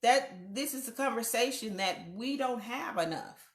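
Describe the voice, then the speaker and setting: A middle-aged woman hosts a live online talk show, reading viewer comments in a warm, affirming, playful way and laughing often. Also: a little high, a little slow, roomy sound.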